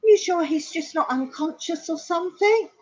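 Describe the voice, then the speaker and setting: A woman's voice: extremely high pitch, expressive, moderate pace, a little mellow, pitched above the performer's own voice. A woman voicing an indignant pet owner in a spoken joke, insistent and demanding, over a dull lo-fi recording. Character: indignant woman refusing her duck is dead.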